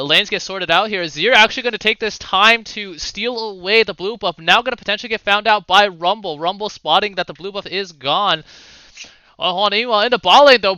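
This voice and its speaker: A man giving casual play-by-play commentary on a video game match, with quick calls and the odd swear. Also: high voice, bright, forceful tone, clear, resonant tone, no room sound, poor audio. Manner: fast play-by-play with swearing and asides. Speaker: esports caster.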